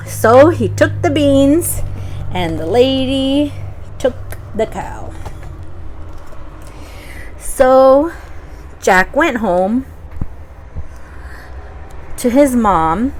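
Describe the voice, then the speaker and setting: A young adult woman telling a children's story aloud, slowly and expressively, with many pauses. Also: medium pitch, animated, a little mellow, a little hiss or hum. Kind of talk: oral storytelling for kids.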